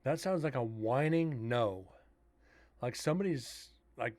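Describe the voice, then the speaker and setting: A man's voice: mid-range voice, lively intonation, a little slow, a little mellow, no echo. Man thinking aloud while editing audio. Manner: casual, thinking aloud with fillers, chatting with viewers. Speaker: streamer reviewing ghost-hunt audio. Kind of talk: live-stream commentary while editing audio.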